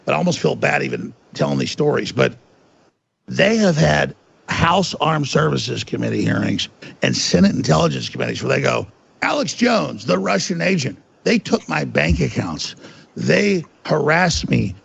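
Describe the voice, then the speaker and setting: A man's voice: on the high side, creaky, breathy edge. A man ranting indignantly and emphatically as an interview guest, on dull lo-fi audio. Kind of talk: heated interview talk.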